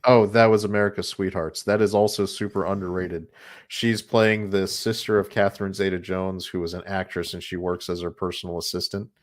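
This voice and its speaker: A man's voice: low voice, fairly even intonation, a little fast. A man co-hosting a podcast, talking casually and rambling, with laughs between thoughts. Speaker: podcast co-host. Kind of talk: casual chat.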